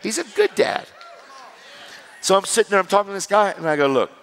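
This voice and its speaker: A middle-aged man preaching his personal testimony in a conversational style, swinging between loud and hushed. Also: high voice, huge pitch swings, a little fast. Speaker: evangelist. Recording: long reverb of a large hall.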